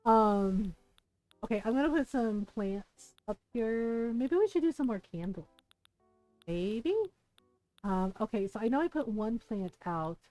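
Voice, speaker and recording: Woman streamer, mellow and chatty, casual rambling gameplay talk, faint music behind. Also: fairly high pitch, animated, measured pace, dry recording.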